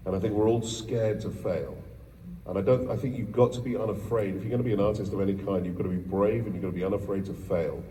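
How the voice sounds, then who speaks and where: A British man on a convention panel tells a long, rambling story with plenty of self-deprecating asides. His voice is low and dark, heard from far off in a big, echoey hall over crowd ambience. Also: steady tone, quick pace, a little hiss or hum. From England. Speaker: panel guest, voice actor. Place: large convention hall, filmed from the audience.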